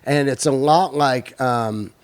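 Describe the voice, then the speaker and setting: A man's voice: medium pitch, slow pace, smooth. A man hosting a podcast in casual, loose chat, swearing freely and gushing about comedians he admires. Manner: loose, profane, enthusiastic. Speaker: podcast host.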